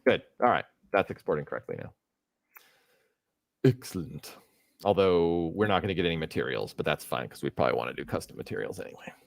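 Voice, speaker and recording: A man's voice: sits low, lively intonation, fast talker, vocal fry, no room sound. A middle-aged man hosting a casual live stream, thinking aloud as he works, rambling with fillers. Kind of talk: casual livestream chat while working.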